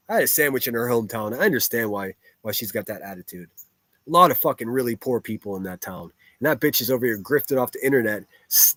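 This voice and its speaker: A man's voice: mid-range voice, no echo. A man ranting bluntly and profanely on a livestream, picking apart online drama and reading viewer chat aloud.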